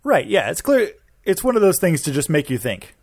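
A man's voice: on the high side, sing-song, moderate pace, a little mellow, husky, dry recording. Playful man co-hosting, dry sound. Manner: playful, jokey. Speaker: podcast co-host. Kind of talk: casual chat.

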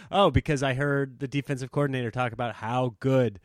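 A man's voice: medium pitch, steady tone, fairly quick, few pauses, dry recording, clean studio sound. A man hosting his own comedy podcast, talking casually and self-deprecatingly, swinging into mock voices as he rants. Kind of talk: casual solo podcast rant.

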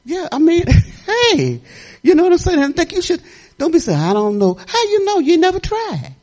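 Older woman pastor, folksy rambling sermon, chatty and laughing, very animated delivery. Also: very high-pitched, moderate pace.

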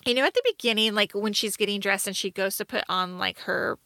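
A woman's voice: mid-range voice, fast talker, sharp tone, dry recording. A woman co-hosting a podcast, chatting casually about a movie with lots of fillers and an easygoing manner. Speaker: podcast co-host. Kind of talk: casual movie review chat.

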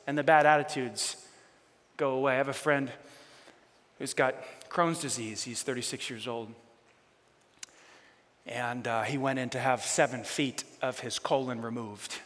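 A man preaching a sermon as pastor, swinging between loud emphatic bursts and quiet storytelling. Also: mid-range voice, a little slow, long pauses. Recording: long hall reverb.

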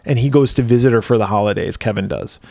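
A man's voice: medium pitch, fast talker, creaky, darkish tone, no echo. A man co-hosting a casual movie podcast, joking around and laughing often. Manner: joking, laughs often, slips into mock voices. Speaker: podcast co-host.

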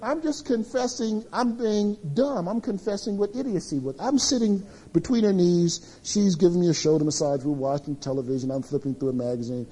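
A middle-aged man preaching a sermon to men, telling confessional stories in an animated way. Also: high voice, a little fast, few pauses, husky.

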